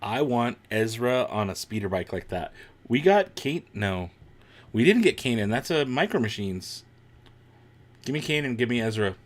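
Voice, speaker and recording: A man's voice: medium pitch, animated, normal speed. A man hosting a live watch-along stream, chatting casually with viewers, reacting to the show and laughing often.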